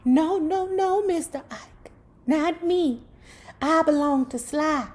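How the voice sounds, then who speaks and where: A woman voicing a frightened young woman, high and flustered, pleading her way out. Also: slow pace, a little mellow.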